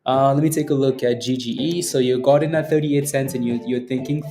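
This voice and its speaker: A man's voice: medium pitch, fairly even intonation, fairly quick, dark tone, faint music behind. A man hosting a casual live day-trading stream. He rambles, laughs often and keeps adding "right?" to his sentences. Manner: rambling and chatty, laughs often, many "right?" tag questions. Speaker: day-trading livestream host. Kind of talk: casual live market commentary.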